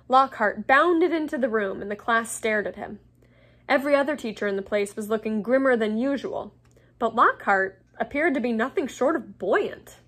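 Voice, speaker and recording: Woman teacher, reading a novel aloud, expressive, fairly high voice. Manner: lively, expressive read-aloud delivery.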